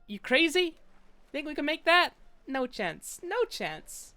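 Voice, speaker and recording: A woman's voice: high voice, sing-song, slow, pushed and bright, soft background music, voice pushed up, heavily acted. A woman voicing a wisecracking alligator with a New York accent and tough-guy street talk. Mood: scoffing.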